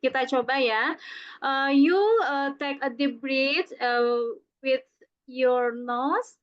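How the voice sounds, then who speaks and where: High-voiced hesitant woman with an Indonesian accent. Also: fairly even intonation, slow pace, clear, resonant tone, muffled recording. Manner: hesitant, many fillers. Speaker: student presenter. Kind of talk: halting presentation in a second language.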